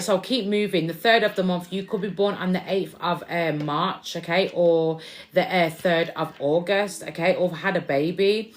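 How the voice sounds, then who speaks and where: Chatty woman reading tarot. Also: fairly low pitch. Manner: chatty, checks in with "okay?", calls viewers "babes". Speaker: tarot reader. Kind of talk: casual spiritual reading to camera.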